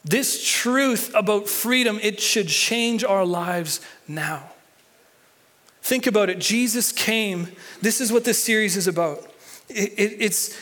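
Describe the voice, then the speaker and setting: A man with a high-pitched voice delivering a sermon as pastor. His talk is loose and conversational, with stumbles, restarts and lines said twice for emphasis. He draws the congregation into reading along and answering back. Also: fairly bright tone. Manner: leads the congregation in reading and call-and-response.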